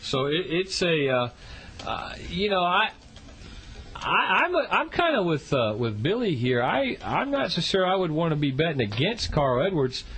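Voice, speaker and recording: A man's voice: on the high side, very animated, moderate pace, a bit bright. A man hosting a radio show about motorsport, talking casually and rambling with many restarts.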